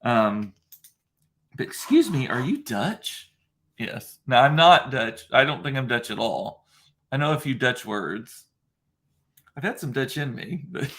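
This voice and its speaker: Man, deep gravelly voice, casual livestream chat, rambling, lots of ums, self-deprecating. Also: fairly bright tone. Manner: chatty, rambling, self-deprecating, many fillers. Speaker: livestream host reading viewer comments.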